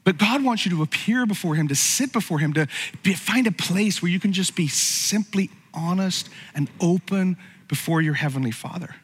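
A man's voice: high-pitched, expressive, moderate pace, husky, in a large hall. A man preaching a sermon as pastor, conversational and humorous, with frequent asides to the congregation.

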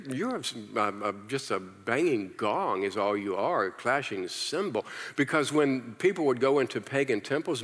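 A man preaching a sermon, animated and leading the congregation in call-and-response, often repeating words and restarting as he goes. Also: medium pitch. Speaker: pastor. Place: large church hall. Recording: long hall reverb.

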